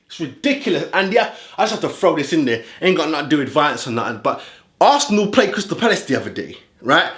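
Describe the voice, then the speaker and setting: A fired-up man rants through a football reaction video in thick street slang. His voice sits high and swings wildly up and down. The sound bounces around a roomy space. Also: quick pace. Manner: animated, ranting, street slang. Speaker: football fan vlogger reacting to a clip. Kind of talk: heated reaction commentary. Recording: roomy echo.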